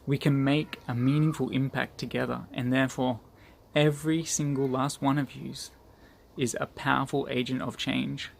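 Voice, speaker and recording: This group leader gives an earnest motivational talk, his medium-pitched voice level, at normal speed, with some vocal fry. He repeats phrases to drive his points home while faint background noise runs underneath.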